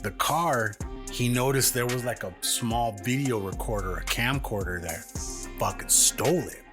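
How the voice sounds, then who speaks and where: A podcast co-host with a medium-pitched male voice talks at a normal speed, casually retelling a long story in a rambling way, full of swearing and filler words. Music plays in the background.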